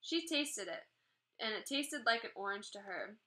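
A woman reading a children's chapter book aloud, gently voicing the characters as she goes. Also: mid-range voice, expressive, unhurried, rough recording. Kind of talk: read-aloud storytelling.

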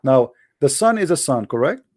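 A man hosting a live debate, explaining his points patiently in casual, animated talk and checking often that the listener follows; English is not his first language. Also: medium pitch, normal speed, dry recording, clean studio sound. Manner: animated, lively storyteller. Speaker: debate host.

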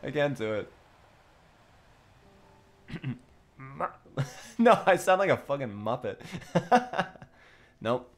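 A man's voice: medium pitch, very animated, very slow, long pauses. Laughing, joking young male streamer. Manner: joking, laughs often, talks to chat. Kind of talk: casual livestream chat.

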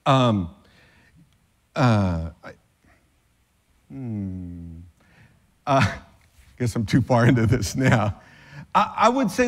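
A man's voice: mid-range voice, very animated, very slow, long pauses. A man pastor giving a sermon in a conversational way, with joking asides.

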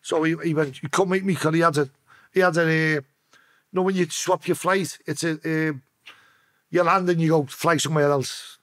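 A man with a Liverpool accent telling a story as a guest on a podcast. His voice sits fairly high for a man, and it is recorded close and dry. He swears a lot and jumps into the voices of the people he is quoting, his pitch swinging up and down. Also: steady tone, moderate pace, no echo. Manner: profane, acts out quoted voices with sharp pitch swings. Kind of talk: casual storytelling interview.

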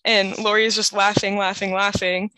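A young woman with a bright, lively tone casually retells scenes from a book as a podcast co-host. She talks in a chatty way full of "like" and easy laughter. The sound is dry and close, with almost no room echo. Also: mid-range voice, moderate pace.

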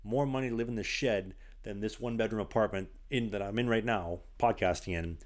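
A young man hosting a podcast, an animated storyteller who says "like" a lot in casual chat. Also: on the low side, a little fast. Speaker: podcast host. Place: small apartment.

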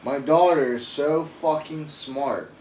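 Young dad swearing through a rambling story. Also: male voice, a little high, slow pace, a little mellow. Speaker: father. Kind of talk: casual live-stream chat. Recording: roomy echo with faint ambient noise.

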